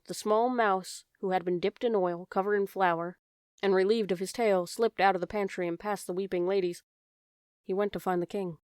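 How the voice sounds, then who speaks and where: A woman narrating a children's audiobook, gentle and speaking straight to the reader. Her voice is smooth, clear and mid-pitched. The recording is close and dry. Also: no echo. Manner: gentle, addresses the reader directly.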